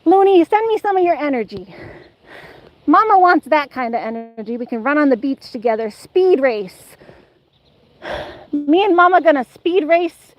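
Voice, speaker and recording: A woman's voice: sits high, lively intonation, moderate pace, pauses often, muffled recording, soft background music. A woman live-streaming outdoors on a beach, out of breath and laughing as she chats playfully with her dog and viewers. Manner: playful, laughing, sing-song baby talk to the dog. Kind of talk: casual live-stream chat.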